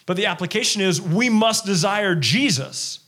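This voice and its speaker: A male pastor preaching a sermon in an animated way, acting out the people he quotes. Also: high-pitched, moderate pace.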